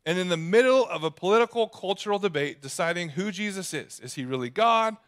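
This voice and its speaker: A man's voice: sits high, lively intonation, a little fast, a bit bright, clean tone. Casual young male pastor preaching. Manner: conversational, jokey preaching with acted asides. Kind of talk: sermon.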